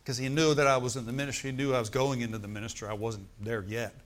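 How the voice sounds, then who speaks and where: A man's voice: mid-range voice, steady tone, quick pace. A middle-aged male preacher, telling a story and calling out to the congregation in a sermon. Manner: storytelling, asks the congregation for responses.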